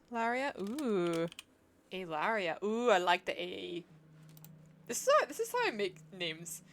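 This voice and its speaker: A woman's voice: mid-range voice, big pitch swings, unhurried, fairly bright tone, a little hiss or hum. Chatty woman streaming a game. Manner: chatty and giggly, musing aloud. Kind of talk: casual live-stream chat while gaming.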